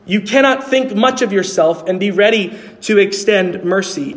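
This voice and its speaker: A man preaching a sermon as pastor, earnestly asking his congregation questions as he explains. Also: high voice. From New York City. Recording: long hall reverb.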